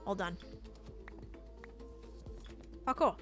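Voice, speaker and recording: An Australian woman chats easily with her stream audience while she builds, greeting followers and thinking out loud. Her voice sits at a middle pitch, with soft music playing faintly underneath. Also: moderate pace. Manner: chatty, talks to chat while building. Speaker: live streamer. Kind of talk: casual live-stream chat while playing.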